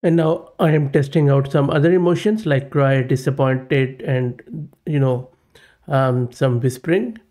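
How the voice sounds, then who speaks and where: A man's voice: medium pitch, unhurried, warm tone. A man hosting a tech tutorial, explaining a demo casually and thinking aloud. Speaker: tech channel host.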